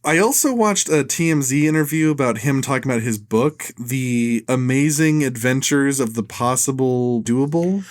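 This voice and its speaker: A man's voice: mid-range voice, normal speed, few pauses. A man co-hosting a podcast in casual chat, sarcastic and mocking, laughing often as he talks. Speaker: podcast co-host.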